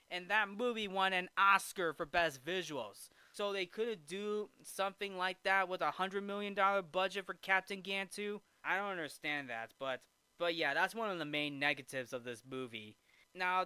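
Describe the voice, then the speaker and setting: A man's voice: high-pitched, bright, forceful tone, clean tone, dry recording. A man giving a casual, rambling movie review, often restarting and checking in with "right?".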